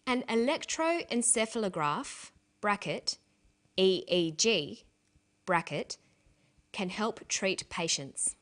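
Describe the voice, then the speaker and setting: A woman narrating an English lesson, speaking slowly and carefully and spelling out letters one by one. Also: mid-range voice, expressive, fairly bright tone. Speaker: English teacher. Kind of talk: scripted language lesson narration.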